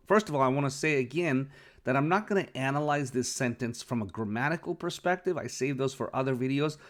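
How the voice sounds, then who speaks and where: A man who is not a native Arabic speaker, teaching Arabic vocabulary patiently and often checking understanding with an "okay?". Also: medium pitch. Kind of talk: explaining a lesson.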